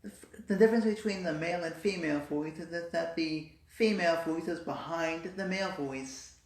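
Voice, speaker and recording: A woman's voice: lowish voice, moderate pace, darkish tone. A woman in a casual vlog, explaining and demonstrating voice techniques. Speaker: vlogger. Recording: roomy echo.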